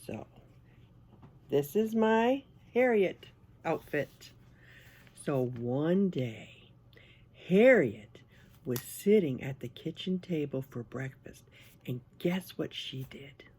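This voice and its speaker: Children's storyteller, read-aloud, animated with whispers, very slow, husky. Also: mid-range voice. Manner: animated, asks listeners questions, drops to whispers.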